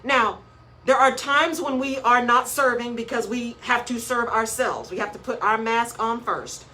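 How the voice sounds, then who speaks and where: A woman's voice: fairly high pitch, a little slow, bright, forceful tone, slight background noise, low-quality recording. A woman hosting a live motivational radio talk show, speaking emphatically and repeating key phrases in a preaching rhythm, greeting listeners by name as she goes.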